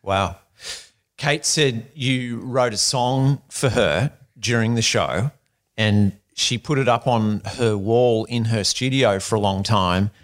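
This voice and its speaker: A man's voice: fairly low pitch, slow pace. A man hosting a podcast, chatting in a friendly, chummy way with his guest. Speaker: podcast host. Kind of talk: casual interview chat.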